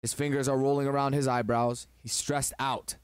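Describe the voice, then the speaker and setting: A man's voice: medium pitch, level tone, moderate pace, clean tone, dry recording, studio quality. A man hosting a relationship advice talk, telling a story in an emphatic, preachy way.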